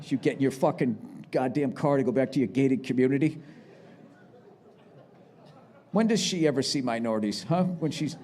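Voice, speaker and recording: A man doing live stand-up, ranting sarcastically and profanely, with shouted bursts, on a handheld mic before a big crowd. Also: mid-range voice, normal speed, long pauses. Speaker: stand-up comedian. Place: large live venue with audience. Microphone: handheld microphone.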